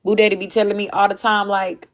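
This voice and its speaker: A young woman talking candidly and casually to her stream audience, animated and slangy, swinging between loud bursts and quiet asides. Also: mid-range voice, quick pace. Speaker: livestream host. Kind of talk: casual chat.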